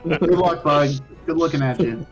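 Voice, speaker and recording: Teasing, higher-voiced man. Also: normal speed, lo-fi sound, over loud music. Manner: teasing, profane. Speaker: player. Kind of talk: casual game-table banter.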